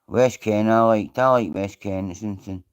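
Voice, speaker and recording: A man's voice: fairly low pitch, unhurried, clean tone. Rambling Scottish man on a live stream. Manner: rambling, swears freely, greets viewers by name. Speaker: livestream host. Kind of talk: casual live stream chat.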